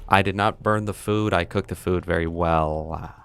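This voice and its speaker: Playful low-voiced male game streamer. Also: normal speed, creaky, clear, resonant tone. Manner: joking, rambling setups for pun jokes to chat; animated, jumps into high excited outbursts. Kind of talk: live gameplay commentary.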